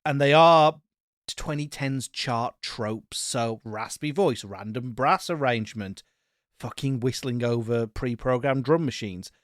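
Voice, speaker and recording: A man at a middle pitch talks bluntly and jokes his way through an album review, swearing casually. The sound is dry and close on a podcast mic, with no room around it. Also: a little slow, no echo. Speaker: podcast co-host.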